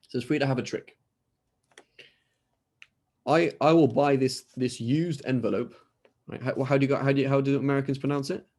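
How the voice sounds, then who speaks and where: A man's voice: mid-range voice, steady tone, moderate pace, long pauses, darkish tone. A man with a British accent teaching a class over a video call, chatty, often asking "right?" and acting out short exchanges. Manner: conversational, keeps asking "right?" and acts out little dialogues. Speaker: Islamic scholar teaching a class. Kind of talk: lecture.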